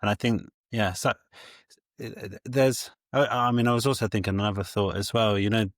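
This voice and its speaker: A male interview host reflects on what his guest said, stopping and restarting as he reaches for words. His voice is quite deep, and the recording is dry and close. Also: fairly even intonation, dry recording. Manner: halting, with many restarts while reflecting. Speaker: podcast host. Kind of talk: casual interview chat.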